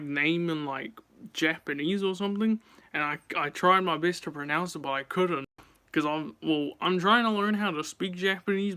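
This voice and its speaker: A man's voice: a little high, sharp tone, clear, resonant tone. A man chatting casually on a live stream, rambling and talking straight to his viewers.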